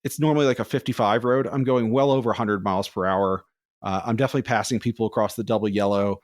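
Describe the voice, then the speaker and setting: A man co-hosting a podcast, telling long, rambling personal stories in a casual, animated way. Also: on the low side, fast, no echo, clean studio sound. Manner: rambling, animated, acts out quoted voices. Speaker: podcast co-host. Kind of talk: casual storytelling.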